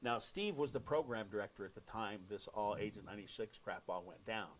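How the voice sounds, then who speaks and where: A man with an American accent, a radio host telling an animated story on air and acting out quoted lines. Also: on the low side, brisk, slight background noise.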